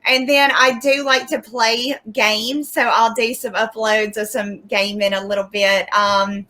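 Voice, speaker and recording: A woman's voice: fairly high pitch, level tone, a little slow, pushed and bright, poor audio. A young woman guest in a casual interview, chatty, acting out quotes of herself and laughing often. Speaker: guest YouTuber.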